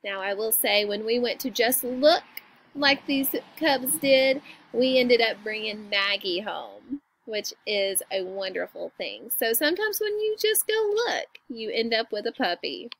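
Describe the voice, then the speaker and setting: A woman reading a picture book aloud to children, pausing to explain words and ask them questions, and changing her voice for the characters. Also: on the high side, animated, fairly bright tone, a little hiss or hum. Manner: changes voice for characters in quoted lines. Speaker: storybook reader.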